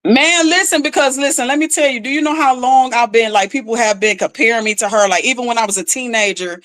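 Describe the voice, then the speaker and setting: A woman's voice: a little high, quick pace. A woman rapper, telling a story as a podcast guest and acting out what people said. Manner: animated, acts out quotes, frequent "like". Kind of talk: casual storytelling.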